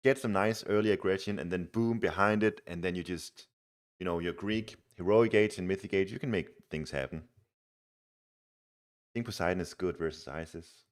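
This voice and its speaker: Low-voiced man streaming a strategy game. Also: normal speed. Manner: chatty, reads chat aloud, laughs easily. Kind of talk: casual live game commentary.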